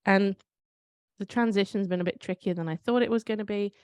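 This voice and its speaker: A woman's voice: mid-range voice, a little fast, a little mellow, clear, resonant tone, no room sound. A British woman co-hosting a podcast, chatting casually and telling stories that she keeps questioning aloud. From United Kingdom. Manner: reflective, storytelling with self-questioning asides. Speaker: podcast co-host. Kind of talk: casual conversational chat.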